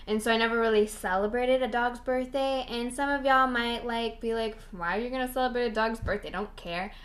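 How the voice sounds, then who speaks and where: Young woman, podcast host, bubbly and rambling, bright tone, slightly high voice. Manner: bubbly, rambling, laughs at herself. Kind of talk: casual solo podcast chat.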